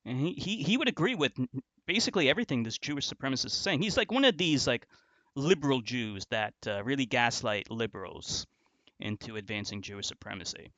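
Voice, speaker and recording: At a medium pitch, this man sounds expressive and sharp, talking a little fast; there's no echo, but the audio is dull. He's a commentary video host scornfully reacting to an online argument, hurling insults and restarting sentences often.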